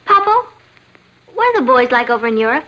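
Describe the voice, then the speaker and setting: A teenage girl in a sitcom, bubbly and excitable. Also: sits high, a little fast, lo-fi sound, a little hiss or hum. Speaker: teenage daughter. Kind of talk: sitcom acting.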